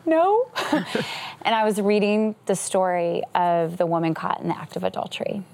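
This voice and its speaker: A woman's voice: lowish voice, fairly even intonation, a little fast, vocal fry, a little mellow, smooth. A woman in her thirties, a guest pastor and author, telling a personal story in a TV interview, earnest and emotional, laughing often.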